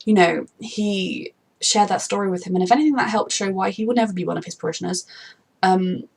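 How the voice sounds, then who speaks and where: A woman's voice: medium pitch, fairly quick, creaky, husky. A young adult woman vlogging a reaction to a TV episode, rambling in an emphatic, gushing, casual way about characters she loves. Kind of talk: casual unscripted commentary.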